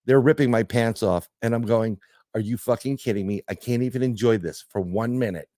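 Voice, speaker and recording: A middle-aged man telling a story in casual podcast chat, animated and joking, with some swearing. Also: medium pitch, brisk, no room sound, clean studio sound. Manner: animated storyteller, swearing, laughing through jokes. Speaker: podcast guest.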